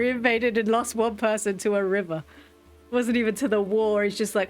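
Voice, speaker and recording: A woman's voice: on the high side, moderate pace, soft background music. A woman hosting a game video, chatting casually and animatedly, often cracking up with laughter. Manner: giggly, animated, easily cracks up. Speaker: gaming video host. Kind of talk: casual gameplay commentary.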